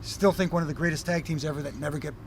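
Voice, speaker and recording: A middle-aged Canadian man, a former referee, telling animated stories in a casual interview, with many fillers and restarts. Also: a little high, racing, slight background noise. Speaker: former wrestling referee, guest.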